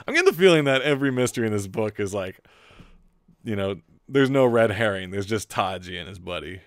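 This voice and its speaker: A man reading comics aloud on a live stream, breaking off into loose, joking asides with a lively, up-and-down voice. The sound is close and dry, as if recorded at home. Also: fairly low pitch, a little fast, no room sound. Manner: chatty, rambling, joking asides.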